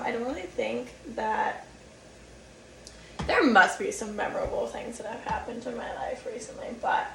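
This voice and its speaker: A young woman chats through a rambling vlog story, her slightly high voice dipping into gravelly fry. She is set back from the mic in an echoey room. Her delivery is loose and filler-heavy. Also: fairly bright tone, recorded from a distance, slight background noise. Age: young adult. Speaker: vlogger. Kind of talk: casual storytelling chat.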